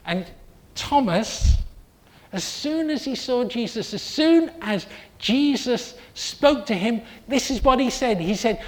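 A preacher giving an earnest sermon, telling a story with steady repetition. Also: medium pitch, unhurried.

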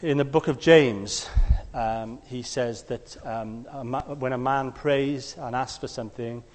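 A man preaching a conversational sermon. He tells stories and acts out the quotes, sometimes shouting them loudly. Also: mid-range voice, steady tone, unhurried, in a large hall.

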